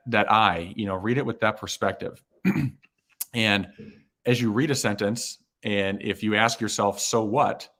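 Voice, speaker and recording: Casting note: male hiring manager, lowish voice, loose and chatty on a live stream, full of fillers. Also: fairly bright tone. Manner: casual, filler-heavy, repeats words. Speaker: hiring manager and career coach. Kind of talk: live-streamed career advice.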